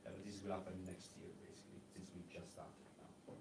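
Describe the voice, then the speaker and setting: A man's voice: deep voice, little pitch movement, gravelly. Man presenting in an echoey conference room. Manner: halting, many fillers and restarts. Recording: echoey room, mic at a distance, faint noise.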